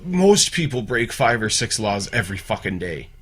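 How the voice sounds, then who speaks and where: A man's voice: on the low side, very animated, moderate pace, fairly bright tone, husky. A man co-hosting a podcast in casual chat, blunt and profane, and given to telling jokes. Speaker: podcast co-host.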